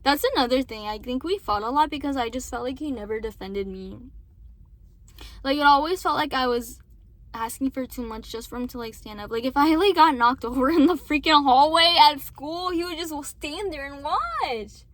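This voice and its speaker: A young woman with a high voice talks straight to her viewers about an ex. She rambles, swears a lot and keeps saying sorry, slipping between quiet asides and louder outbursts. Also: moderate pace, no room sound. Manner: rambling, frequent swearing and apologies. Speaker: vlogger. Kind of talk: casual venting to viewers.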